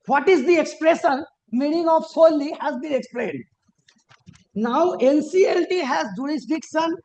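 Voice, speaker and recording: Guy, lawyer arguing in court, high voice, keeps restarting then pushes hard on key points. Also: darkish tone, muffled recording. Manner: deferential, peppered with repeated formal address to the bench; halting, with frequent restarts and emphatic rises on key points. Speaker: advocate arguing before a judge. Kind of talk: formal courtroom argument.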